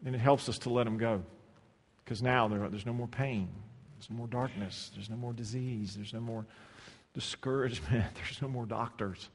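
Emphatic preacher with hall reverb. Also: male voice, fairly even intonation, normal speed, slight background noise. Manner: swings from loud emphatic scripture reading to soft low asides; repeats words as he restarts. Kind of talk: sermon.

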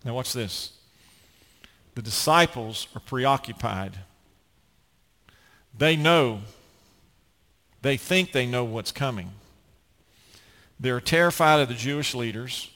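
A man's voice: medium pitch, expressive, slow, long pauses, pushed and bright, in a large hall. A man preaching a sermon as pastor, earnest and emphatic, often restarting his phrases.

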